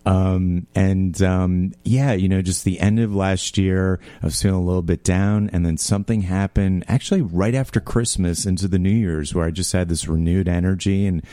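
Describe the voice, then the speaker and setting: Guy cohosting a chat podcast, really low voice, upbeat, enthusiastic. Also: steady tone, normal speed, hardly any pauses, dark tone, dry recording. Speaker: podcast co-host. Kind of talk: casual chat.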